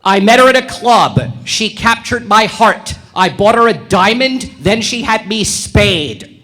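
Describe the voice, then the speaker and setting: Heard through a handheld stage mic, this male comedian performs in a club with a bright, high-pitched voice and an unhurried pace. His material is brash and provocative, and he lands each punchline with a deadpan face.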